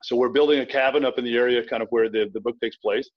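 A middle-aged man from Virginia, an author talking casually as an interview guest, quick and anecdotal with frequent restarts. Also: mid-range voice, fairly even intonation. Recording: dull lo-fi sound.

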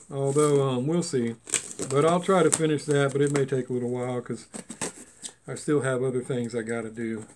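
A chatty man with a voice that sits a bit high for a man. He talks in a loose, folksy way, rambling from one thought to the next. The tone is casual and homespun. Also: slight background noise. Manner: chatty, folksy and rambling, with Southern-style grammar. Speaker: die-cast car hobby vlogger. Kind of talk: casual rambling unboxing chat.

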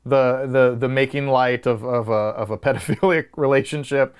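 A man's voice: medium pitch, steady tone, normal speed, clear, resonant tone. A man co-hosting a casual movie review podcast, arguing his points emphatically and restarting sentences as he builds them. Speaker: podcast co-host.

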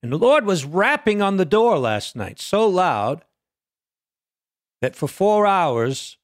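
A man preaching a sermon, swinging between loud peaks and quiet low lines and asking the listeners question after question. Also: no room sound, clean studio sound.

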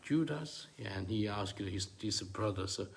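Gravelly preacher with emphatic high bursts. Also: male voice. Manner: emphatic, swinging from low murmurs to high ringing bursts; halting non-native English with many fillers. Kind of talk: sermon.

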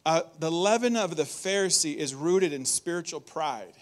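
A man preaching a conversational, animated sermon in a church, reading scripture and acting out warnings. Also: a little high, normal speed.

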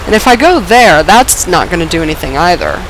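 A woman commenting on her gameplay, her voice lowered and rough from being sick with a dry cough; excitable, swearing and laughing at herself. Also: fairly quick, background noise. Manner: excitable, swears and laughs often, self-mocking. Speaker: let's play gamer.

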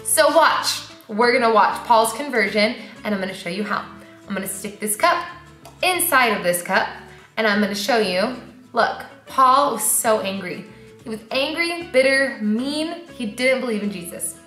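Young woman, preschool church teacher; bright, high voice, roomy echo with faint music behind. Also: moderate pace. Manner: animated, sing-song, asks the kids questions. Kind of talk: children's Bible lesson.

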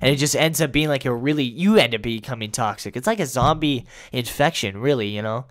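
A young man giving crude, sarcastic comedic commentary as a YouTuber, often breaking into loud mock voices. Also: mid-range voice, fairly quick.

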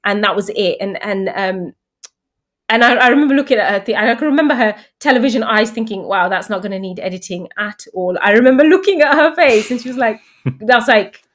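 Woman in her thirties, fairly high voice, lively storyteller, casual chat. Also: fairly quick. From England. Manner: animated storyteller, acts out quoted voices. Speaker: guest.

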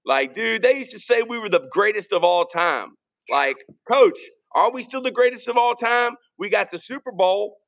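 A man from Virginia, co-hosting a casual podcast stream and rambling through shout-outs and jokes. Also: sits high, lively intonation, moderate pace. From Richmond, Virginia. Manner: rambling, shouting out viewers, joking. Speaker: podcast co-host. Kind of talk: casual live-stream chat.

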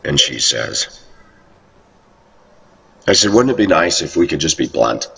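A man's voice: a bass voice, very animated, a little slow, gravelly, fairly bright tone, husky. A man rambling through a monologue about his life, often quoting people in a raised voice. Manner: rambling, quotes others in raised voice. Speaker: video blogger. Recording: muffled, distant lo-fi recording.

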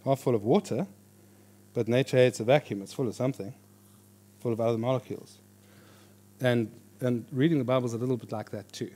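A man teaching a church class on reading the Bible, in a lively, joking conversational way. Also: medium pitch, fairly quick, long pauses, slightly rough. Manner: animated, jokey, with lively quoted voices. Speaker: pastor teaching a Bible course. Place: church hall before an audience.

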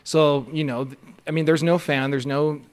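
A man telling a story as a podcast guest in a casual, excitable way. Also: a little high, moderate pace, clear, resonant tone.

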